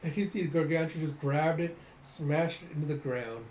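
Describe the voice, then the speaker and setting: A man's voice: on the high side, normal speed, a little mellow. A man hosting a casual comic readthrough who narrates the action animatedly and voices the sound effects. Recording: echoey room, faint noise.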